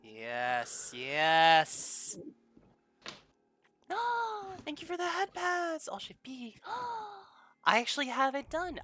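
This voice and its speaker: Giggly low-voiced woman streamer. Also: a bit bright, a little hiss or hum. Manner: giggly, bubbly, playful. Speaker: dungeon master and stream host. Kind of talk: casual stream chat.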